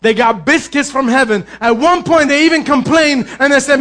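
A male pastor preaching a lively, humorous sermon, calling out to the congregation, acting out biblical characters and mixing in Spanish phrases. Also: extremely high pitch, moderate pace, hardly any pauses. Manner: lively preaching with jokes and call-outs to the congregation; acts out biblical characters' voices. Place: church.

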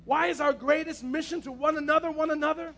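A man's voice: very high-pitched, fairly even intonation, fast talker, vocal fry, bright, forceful tone. A man preaching a passionate sermon as pastor, repeating his key phrases.

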